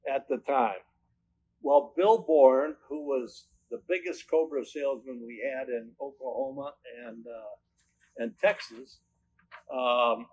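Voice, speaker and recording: A man's voice: medium pitch, poor audio. Older man telling rambling business stories. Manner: rambling storyteller, many restarts and "but anyway". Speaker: company owner. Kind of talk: recounting personal anecdotes.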